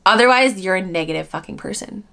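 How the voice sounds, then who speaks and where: A woman's voice: medium pitch, expressive, fast, creaky, fairly bright tone. A woman in her thirties, an online reseller answering viewer comments in a casual to-camera vlog, talking bluntly and swearing casually. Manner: candid and blunt, swears casually, laughs between points.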